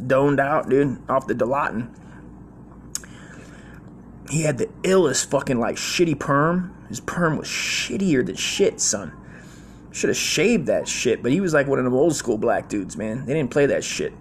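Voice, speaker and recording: A man's voice: mid-range voice, lively intonation, measured pace, slight background noise. A man in his forties telling a rambling, slangy, profane story in a casual way.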